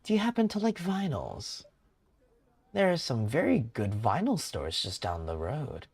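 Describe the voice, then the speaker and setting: A man putting on a chirpy young barista in a cozy game, pitched far above his own voice and lively. Close and dry. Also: measured pace, dry recording, heavily acted. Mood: cheerful. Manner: high, bright, eager.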